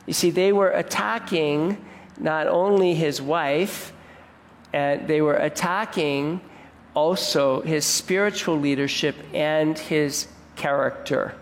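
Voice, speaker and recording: A male pastor preaches in a relaxed, conversational way, with a voice pitched a little high. His words ring out with a long reverb from the hall around him. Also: slow, slight background noise. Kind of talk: sermon.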